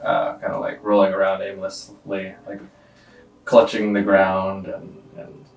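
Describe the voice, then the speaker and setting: A man at a tabletop game describes his character's actions in a loose, rambling way, in a lowish voice. He is recorded from a distance in a roomy space, with faint music behind. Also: completely flat delivery, unhurried. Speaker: player. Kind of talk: casual tabletop game play.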